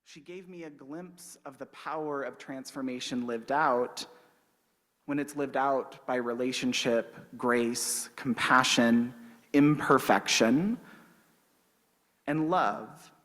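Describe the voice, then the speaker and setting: A man's voice: medium pitch, takes it slowly, fairly bright tone. A young adult man, a minister, preaching a sermon as a conversational personal story with light touches of humor. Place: church sanctuary. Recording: long reverb from a sanctuary.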